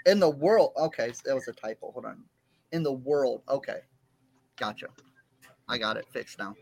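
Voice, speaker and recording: A man's voice: medium pitch, lively intonation, moderate pace, creaky, a little mellow. A man in a casual online podcast chat who talks in a flustered, stalling way.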